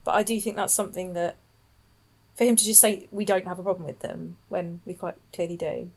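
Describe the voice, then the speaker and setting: A woman co-hosting a podcast in casual chat, quick to laugh and agree. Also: on the low side, steady tone, vocal fry, darkish tone, breathy edge. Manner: laughs easily, brief agreeing replies. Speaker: podcast co-host.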